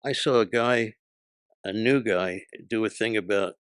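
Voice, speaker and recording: A man in his sixties, a comedian guest, telling stories in casual chat with a punchy, profane delivery and quick character voices when he quotes people. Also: fairly low pitch, clear, resonant tone, dry recording, clean studio sound.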